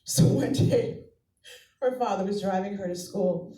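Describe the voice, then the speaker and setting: Her mid-range voice is warm and unhurried as this stand-up comedian from Massachusetts, a mother of two, recounts family stories and acts out the voices. The set takes place in a comedy club, captured by a distant mic amid echo.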